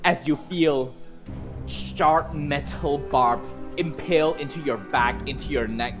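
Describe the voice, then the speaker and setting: A man's voice: fairly high pitch, slow pace, over music. A man running a horror tabletop game as game master, narrating gory scenes vividly.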